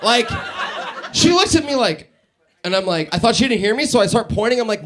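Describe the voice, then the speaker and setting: A man's voice: sits high, normal speed. A young man, a radio host, doing a live stand-up set in a studio, telling stories and acting out the people in them. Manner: animated storytelling, acts out characters, laughs a lot. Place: live studio in front of a small audience.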